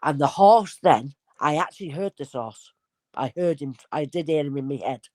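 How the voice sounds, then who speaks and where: A woman's voice: sits low, normal speed, no room sound. Chatty woman medium, dry close mic. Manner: animated, acts out voices in anecdotes. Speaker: spirit medium guest. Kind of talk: casual storytelling conversation.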